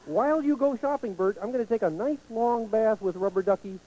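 A man's voice: high-pitched, fairly quick, warm tone, close to an everyday voice, rough recording. A man voicing Ernie, a cheerful, oblivious male puppet roommate who talks in a sunny, chuckly way in a children's TV puppet sketch.

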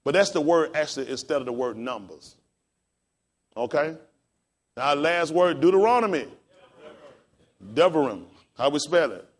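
A pastor teaching a class in a casual, encouraging way, spelling words out letter by letter. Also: male voice, on the high side, lively intonation, moderate pace, long pauses.

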